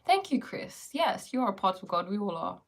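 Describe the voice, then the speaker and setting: Woman, creaky vocal fry, playful, casual live-stream chat. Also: mid-range voice, big pitch swings, brisk. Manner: playful, laughs often, answers viewer comments. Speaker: spiritual teacher on a live stream.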